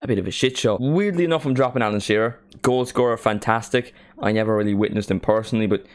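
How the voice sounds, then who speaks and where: A young man hosting a casual football vlog, giving brisk, opinionated verdicts in a chatty way. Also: fairly low pitch. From Ireland. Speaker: football vlogger.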